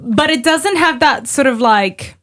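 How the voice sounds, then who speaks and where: A woman's voice: high voice, lively intonation, measured pace, fairly bright tone. A woman co-hosting a casual chat podcast, joking and self-deprecating. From Australia. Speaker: podcast co-host.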